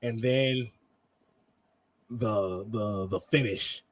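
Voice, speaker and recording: A man's voice: fairly low pitch, very slow, dry recording. A man co-hosting a wrestling review podcast in rambling, slangy casual chat. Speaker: podcast co-host.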